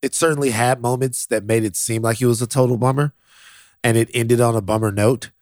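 A man guesting on a podcast, speaking with emphatic, animated reactions at an ordinary pitch. His voice is recorded dry and close. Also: fairly quick, no echo. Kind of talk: casual conversation.

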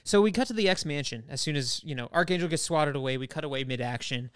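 A man co-hosting a podcast, recapping a cartoon with animated storytelling and frequent laughs. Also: a little high, fast talker, clean tone, no room sound, clean studio sound. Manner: animated storytelling, puts on silly character voices, laughs often. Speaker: podcast co-host. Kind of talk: casual recap chat.

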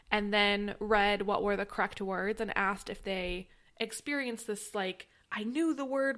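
A woman's voice: mid-range voice, fairly bright tone. A woman hosting a podcast, explaining in a chatty, casual way with frequent "like" and restarts. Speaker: podcast host. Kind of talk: casual educational podcast monologue.

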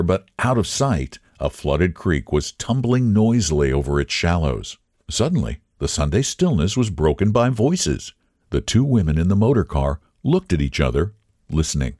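A man who hosts a podcast, reading a literary story aloud in an expressive, measured storytelling manner. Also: deep voice, dry recording, clean studio sound. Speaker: podcast host and story reader.

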